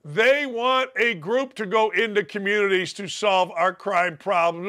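Brash, bright-voiced male sports host. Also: high voice, unhurried, hardly any pauses. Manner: brash, combative, mocking. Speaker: sports talk show host. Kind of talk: opinionated sports talk monologue.

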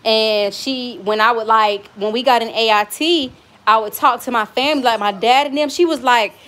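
Her pitch is fairly high and a bit bright, her speed normal. She's a young adult cooking vlogger with a Southern US accent who chats casually and frankly in her home kitchen, swearing freely as she tells stories.

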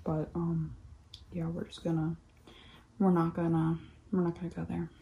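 A woman's voice: lowish voice, normal speed, phone-quality sound. A young woman chatting casually while crafting, rambling with lots of "like" and acting out quotes as she tells stories. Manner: rambling, peppered with "like", animated retelling of quotes. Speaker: craft vlogger. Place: home craft room.

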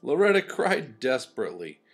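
An older man narrating a children's storybook in an expressive, folksy way. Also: mid-range voice, normal speed, slightly rough, faint music behind.

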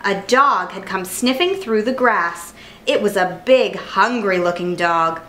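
A woman reading a children's picture book aloud with clear, expressive narration. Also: medium pitch, unhurried, poor audio. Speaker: storyteller.

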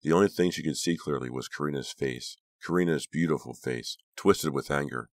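A man narrating an audiobook in a steady, dramatic reading voice. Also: a bass voice, brisk, gravelly, dry recording, clean studio sound. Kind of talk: scripted narration.

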